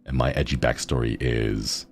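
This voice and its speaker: A man's voice: a bass voice, steady tone, moderate pace, creaky, faint music behind. A man streaming casual chat with viewers, playful and rambling, often laughing.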